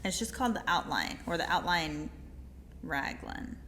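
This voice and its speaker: A woman's voice: fairly low pitch, expressive, moderate pace, fairly bright tone, a little hiss or hum. A woman co-hosting a casual knitting chat in a yarn shop, chatty, with lots of ums and laughter.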